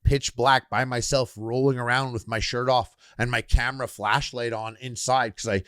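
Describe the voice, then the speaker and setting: A Canadian man telling a chaotic story on a podcast, his voice neither high nor low. He swears freely and slips into the voices of the people he quotes. The sound is close and dry, with no room echo. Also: steady tone, moderate pace, fairly bright tone. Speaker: podcast co-host. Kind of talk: casual storytelling chat.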